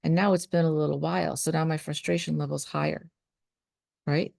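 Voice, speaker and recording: Woman, spiritual coach, earnest motivational talk, gravelly, dry close sound. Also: sits low, little pitch movement, brisk, darkish tone, no room sound. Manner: earnest, coaching, asks viewers "right?".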